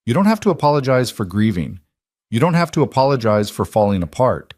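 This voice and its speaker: A man voicing a grieving father who speaks in a calm, firm and careful way. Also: mid-range voice, a little fast, dry recording, studio quality. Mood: firm comfort. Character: steady, gentle grieving father.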